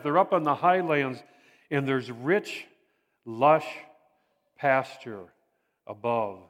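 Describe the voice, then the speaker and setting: An older man delivers a sermon with a slightly high voice, earnest and unhurried, often circling back to repeat a phrase. His words carry a long reverb, as if recorded in a large church hall. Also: fairly bright tone. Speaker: preacher.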